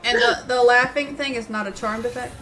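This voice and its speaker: A woman's voice: a little high, fairly even intonation, brisk, a bit bright, a little hiss or hum. A woman playing a tabletop game, thinking aloud hesitantly about her moves. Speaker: player. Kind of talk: casual tabletop game chat.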